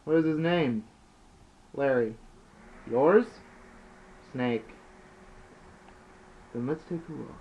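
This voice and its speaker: A man voicing a gruff, tough-talking priest who speaks in a blunt, folksy way. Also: mid-range voice, drawn-out words, pauses often, voice pushed up. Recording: dull lo-fi with faint hiss.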